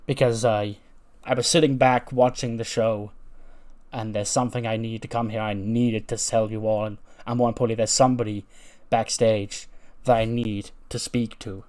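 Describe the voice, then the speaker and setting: A man's voice: on the low side, little pitch movement, moderate pace, a little mellow, close to an everyday voice. A man voicing a passionate male pro wrestler who gives his best friend a rousing pep talk in a game storyline. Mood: earnest. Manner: emphatic, rousing speech.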